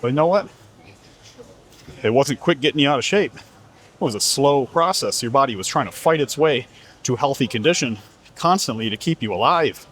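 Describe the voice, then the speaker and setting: A man's voice: mid-range voice, lively intonation, moderate pace, pauses often, fairly bright tone. A man coaching about fitness in a blunt, profane, lecturing monologue. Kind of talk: motivational monologue.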